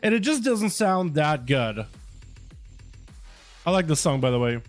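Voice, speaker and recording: A young male gaming streamer with a high voice, talking loosely and swearing freely as he greets his chat. His talk is casual and rambling. Soft music sits quietly behind him. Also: sing-song, a little slow. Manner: loose, profane and chatty with viewers. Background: faint music.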